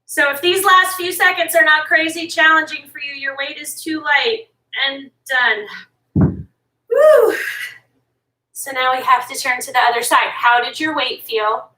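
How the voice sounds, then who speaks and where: A woman's voice: high-pitched, fairly even intonation, moderate pace, few pauses, bright, forceful tone. A woman fitness instructor coaching a workout while exercising along, urging listeners not to quit. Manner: motivating, pushes listeners to keep going. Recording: echoey room, distant from mic.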